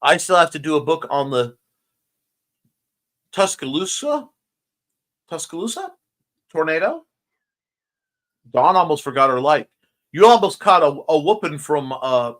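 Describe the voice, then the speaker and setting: A man's voice: on the high side, fairly bright tone. Sleepy, rambling male livestream host. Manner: rambling, jokey, reads chat aloud and greets viewers. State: sleepy, yawning. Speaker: host of a morning livestream show. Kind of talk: casual livestream chat reading comments. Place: home room by a window.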